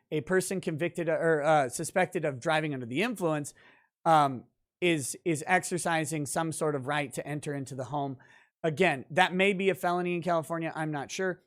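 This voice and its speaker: A man's voice: fairly high pitch, fairly bright tone. A man who is a lawyer and legal commentator, giving conversational, emphatic commentary on a court ruling and thinking aloud as he reads it. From central Minnesota, United States.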